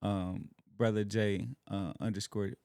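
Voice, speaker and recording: Earnest man with a low voice. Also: level tone, unhurried, gravelly, darkish tone, clean tone, no echo, studio quality. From Alabama. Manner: earnest, emotional faith testimony. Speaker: podcast guest. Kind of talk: casual heartfelt conversation.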